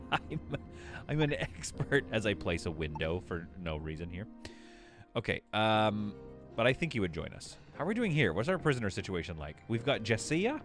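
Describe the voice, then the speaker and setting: Low-voiced man rambling over gameplay. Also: big pitch swings, normal speed, fairly bright tone, faint music behind. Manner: rambling, joking, thinks aloud while building. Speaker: game streamer. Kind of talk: casual live gameplay commentary.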